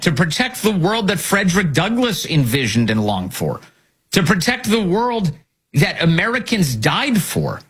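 A man hosting a commentary show, his voice slightly husky and higher than most. He swings his pitch widely as he hammers home indignant rhetorical questions. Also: a bit bright. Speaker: political commentary host. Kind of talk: opinionated commentary.

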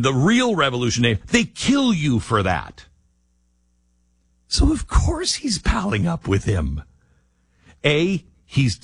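Male talk radio host, husky, very animated delivery, dry studio sound. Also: medium pitch, no echo. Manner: animated, emphatic, drops into quoted voices. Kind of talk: talk radio commentary and live ad reads.

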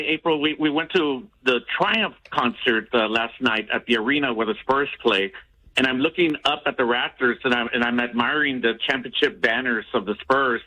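A man from the San Antonio area calling in to a radio show, talking in a halting way with restarts. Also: medium pitch, bright, forceful tone, lo-fi sound. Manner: halting, repeats himself. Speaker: caller. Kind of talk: casual call-in chat.

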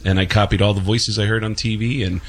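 A man from the Bronx, a comedian and guest on a talk show, telling quick stories and slipping into voices. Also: lowish voice, level tone. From the Bronx, New York. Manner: fast storyteller, jumps into voices.

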